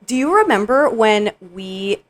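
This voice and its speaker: Young woman guest from South Florida, mid pitch, playful and teasing. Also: very animated. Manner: playful, teasing, quick with slang. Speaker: podcast guest. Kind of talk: casual chat.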